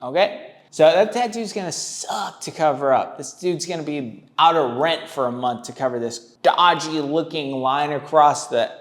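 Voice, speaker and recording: Man, casual profane commentary, rambling, blunt, slightly high voice. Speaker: tattoo reaction host.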